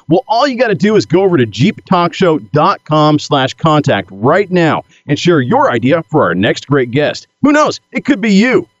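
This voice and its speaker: A man's voice: on the high side, no echo, lo-fi sound. A man co-hosting a podcast in casual chat, upbeat and promotional. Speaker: podcast co-host.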